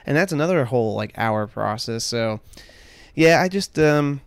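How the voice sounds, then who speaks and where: Smooth-voiced man in casual podcast chat. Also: mid-range voice, expressive, normal speed, no room sound. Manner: rambling, swears a lot, laughs often. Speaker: podcast co-host.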